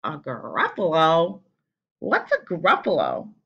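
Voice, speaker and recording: A woman voicing a sly, hungry fox in a storybook, slow and coaxing. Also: low voice, wildly swooping pitch, vocal fry, husky, highs cut off, pitched below the performer's own voice, exaggerated voice.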